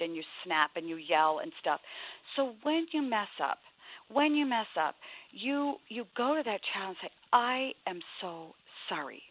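A woman in her fifties, an author giving earnest, emphatic parenting advice as an interview guest. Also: on the low side. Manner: emphatic, earnest advice, drops to a soft voice for quoted pleas. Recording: tinny phone line.

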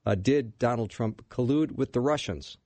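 A man's voice: mid-range voice, darkish tone, dry recording. Male talk radio host, dry sound. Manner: brisk, leads the segments, says "uh" often. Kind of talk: political talk radio hosting.

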